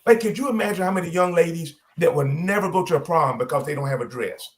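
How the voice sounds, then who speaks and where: A man's voice: a little high, expressive, quick pace. A man co-hosting a radio talk show, chatty and making points with examples while losing his voice. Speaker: co-host. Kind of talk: casual radio panel talk.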